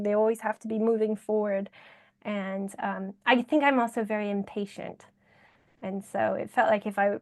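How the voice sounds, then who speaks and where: A woman of thirty being interviewed as an author-illustrator, chatty with many fillers and laughs. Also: fairly high pitch. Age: 30s. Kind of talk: casual interview conversation.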